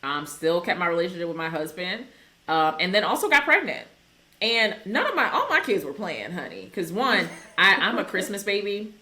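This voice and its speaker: A woman's voice: fairly low pitch, normal speed. A woman in her thirties, a clinical psychologist, talking candidly on a video call and acting out voices in her stories. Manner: animated, laughs, acts out quoted voices. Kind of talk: candid conversational storytelling.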